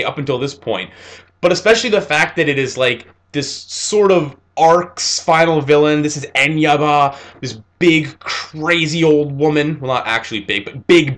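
A young man reviewing an anime episode, retelling scenes in a casual, animated way with fillers. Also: fairly high pitch.

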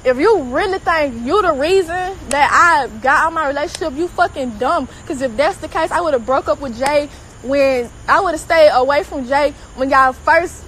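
A woman's voice: high voice, a little hiss or hum, low-quality recording. A woman delivering an angry, profanity-filled social media rant, talking heatedly and repeating herself. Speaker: celebrity girlfriend.

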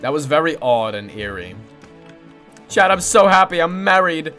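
An excitable woman streamer gives casual gaming commentary, her pitch leaping wildly from squeals of delight to low mumbles. She coos at a pet in a baby voice, with faint game music playing underneath. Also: moderate pace. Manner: excitable, swinging between squealing joy and mumbled asides.

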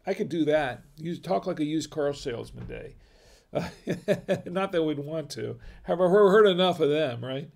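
Rambling chatty middle-aged man, gravelly. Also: on the high side, lively intonation, normal speed, a little mellow. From North Carolina, USA. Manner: rambling, chatty, many fillers and restarts. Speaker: host. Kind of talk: casual livestream chat.

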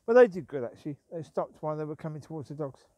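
A vlogger out with his dogs at night talks very fast in a slightly high, dark-toned voice with lively intonation, recorded dry. His walk-and-talk is rambling, full of grumbling and repetition.

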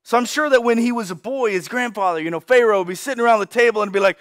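High-voiced man preaching a lively sermon. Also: fast talker, few pauses, no room sound, clean studio sound. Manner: lively storytelling, acting out characters in casual slang. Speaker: pastor.

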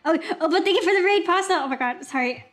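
A young woman streams casually, and her voice sits high and bright. She rambles excitably and fills her chatter with lots of "like" and "um". Soft music plays faintly underneath. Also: fast. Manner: rambling and excitable, many filler words. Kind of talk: casual livestream chat.

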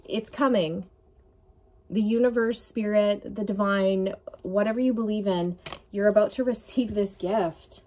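A woman's voice: medium pitch, fairly even intonation, unhurried, darkish tone. A woman giving an intuitive tarot reading to camera, talking in an earnest, emotional way with many fillers. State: tearful at times. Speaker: tarot reader.

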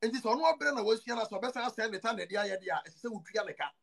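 A man's voice: high voice, rapid-fire, gravelly, a bit bright, husky. A man with a Ghanaian accent hosting a casual podcast chat, emphatic and repeating his points as he switches between languages. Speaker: show host.

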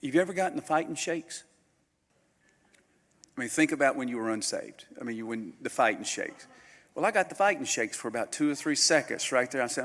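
A man, a pastor preaching a storytelling sermon that swings from loud bursts to hushed near-whispers. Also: medium pitch, fairly quick. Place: conference hall. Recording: live hall recording with long reverb.

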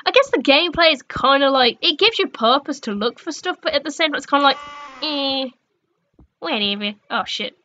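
High, bright, sweary woman gamer. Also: animated, brisk, dull audio, a little hiss or hum. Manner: jumpy, sweary, swinging between shrieks and mutters. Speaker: gaming streamer. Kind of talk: horror game commentary.

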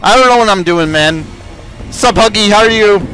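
A man's voice: high-pitched, normal speed, sharp tone, soft background music. A man giving let's play commentary, chatting to game characters and yelping when chased. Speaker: gaming video creator.

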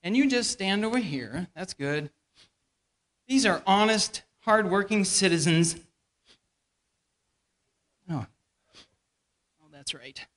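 Slow and full of pauses, this man speaks in an animated, high voice with a fairly bright tone. As a church elder, he turns a Bible lesson into a staged skit in the church hall, directing volunteers and playfully handing them lines in front of the congregation.

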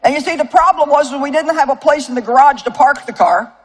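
A woman's voice: high voice, fast. Folksy older woman preaching to a crowd. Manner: folksy, animated storytelling with asides to the crowd. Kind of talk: sermon to a live audience. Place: large auditorium with audience.

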